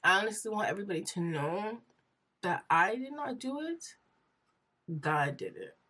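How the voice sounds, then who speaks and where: A woman's voice: medium pitch, lively intonation, a little fast, sharp tone. A young woman vlogger telling her personal story in an earnest, rambling way, full of fillers and close to tears.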